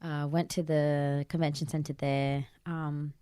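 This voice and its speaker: A woman in her thirties with an Australian accent, a podcast guest telling a story in casual chat, animated and acting out the people in her tale. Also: sits low, slow, clear, resonant tone. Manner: animated, acts out voices in her anecdote, laughs often. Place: podcast studio.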